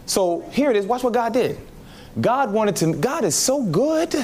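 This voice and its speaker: High, lively-voiced man preaching a testimony. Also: unhurried, slight background noise. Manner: animated storytelling, acting out his past reactions. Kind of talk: testimony sermon.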